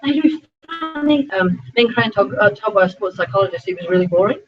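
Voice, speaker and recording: A middle-aged Australian woman speaking as a sport psychologist, giving a chatty, animated talk to a small group of students and breaking into frequent asides. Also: medium pitch, fairly quick, music in the background. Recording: dull lo-fi recording.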